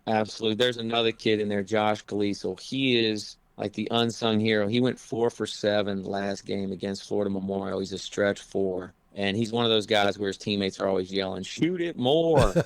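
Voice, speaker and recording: A man's voice: fairly low pitch, flat delivery, a little fast, creaky, hardly any pauses, clear, resonant tone, dry recording. A man who coaches college basketball, talking casually in an interview and rambling with lots of "you know" fillers.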